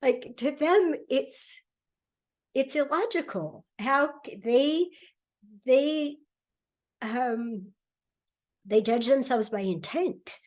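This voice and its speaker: A middle-aged woman speaking as a podcast guest in a relaxed conversation, animated and laughing often as she acts out quoted voices. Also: high voice, extremely slow, long pauses. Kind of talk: conversational interview.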